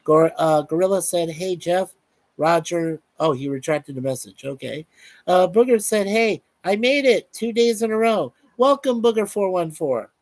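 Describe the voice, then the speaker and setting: A man's voice: high-pitched, expressive, normal speed, a little mellow, dry recording. A man hosting a casual live stream, reading out viewer comments in a chatty, upbeat way. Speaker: show host.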